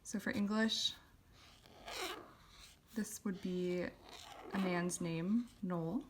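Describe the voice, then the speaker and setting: A woman calmly teaching a calligraphy lesson, explaining step by step with occasional ums while she writes. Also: lowish voice, very slow, background noise. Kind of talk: instructional voice-over while writing.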